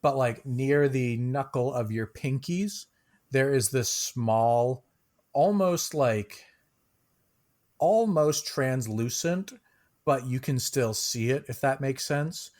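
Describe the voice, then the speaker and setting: A man's voice: medium pitch, lively intonation, slow pace, a little mellow. A man narrating a tabletop game as game master, casual and loose, with many fillers and small laughs.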